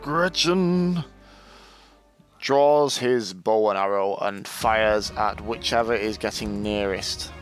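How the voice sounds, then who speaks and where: A man's voice: fairly low pitch, fairly even intonation, slow, few pauses, faint music behind. A man playing a tabletop game over a video call, easygoing in his manner. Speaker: player.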